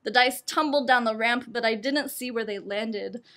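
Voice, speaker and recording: A woman's voice: fairly high pitch, normal speed. A young adult woman performing a personal story, laughing often and poking fun at herself. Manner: laughs often between lines, lively and self-mocking.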